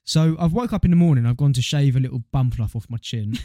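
A man's voice: mid-range voice, fast, mellow, dry recording, clean studio sound. A young man, a podcast co-host telling stories in casual chat. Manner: slangy, storytelling, laughs easily.

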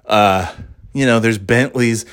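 This middle-aged man runs his own podcast and monologues casually, drifting from point to point, swearing without restraint and laughing at himself. His voice is on the low side, slow, slightly bright and clean.

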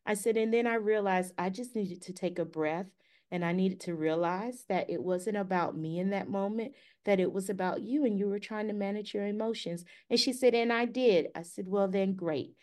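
A woman co-hosting a podcast, telling a story in a casual, animated way and acting out the dialogue. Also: mid-range voice, normal speed. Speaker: podcast co-host.

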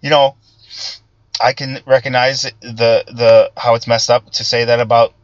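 A man in a casual political monologue, full of restarts and fillers as he thinks aloud. His voice sits at an ordinary pitch and sounds dull and lo-fi, with a dry, close sound and no room around it. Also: little pitch movement, dry recording. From Italian-American background. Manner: halting, many restarts and fillers, conversational. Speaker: political commentary host.

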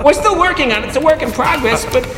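An actor voicing a small, bossy, high-strung one-eyed male monster in an animated film, talking fast and wisecracking. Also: noisy background. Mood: flustered cheery. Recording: film clip with echoey hall and loud music.

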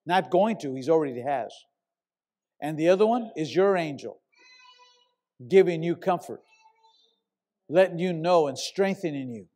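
An older man preaching with a voice pitched a little above the usual for men. He tells his story in a loose, conversational way, then suddenly climbs into loud, emphatic shouts. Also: a little slow, long pauses. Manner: animated storyteller, bursts into loud shouts when quoting himself. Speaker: pastor. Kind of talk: sermon storytelling.

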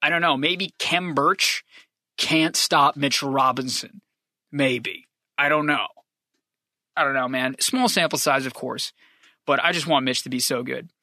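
A basketball fan commentator delivering an impassioned, profane sports opinion rant, swinging between loud rapid-fire complaints and quieter rambling musings. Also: mid-range voice, no echo, clean studio sound.

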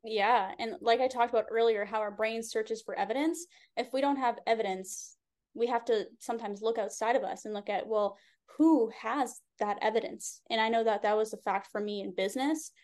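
A woman business coach speaking as a podcast guest in a relaxed, candid way, with many casual fillers. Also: fairly high pitch, normal speed. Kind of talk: casual chat.

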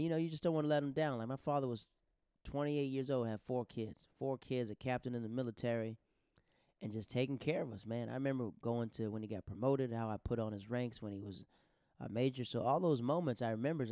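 Male podcast host, animated, slangy storyteller, medium pitch, dry sound. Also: clear, resonant tone, dry recording. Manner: animated, slangy, acts out the quotes. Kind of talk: casual storytelling.

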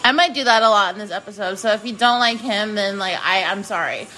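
A woman's voice: mid-range voice, brisk, pushed and bright, faint music behind. A young woman hosting a podcast, chatting casually and gushing about a band she loves, rambling and laughing often. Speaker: podcast host. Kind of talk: casual fan chat.

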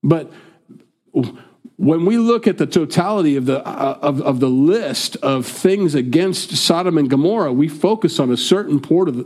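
A man from the United States preaches to his congregation in a talky, informal style. He breaks into quick impressions of imagined speakers and then returns to plain explanation. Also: fairly high pitch, darkish tone. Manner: conversational, acts out quoted speakers. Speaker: pastor. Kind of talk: sermon.

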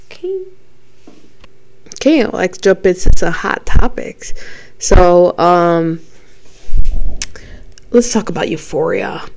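A woman's voice: fairly low pitch, a little mellow. A young woman in her twenties hosting a casual podcast, talking loosely with lots of ums and likes and frequent swearing. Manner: chatty, swears a lot, many ums and likes. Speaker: podcast host. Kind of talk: casual chat.

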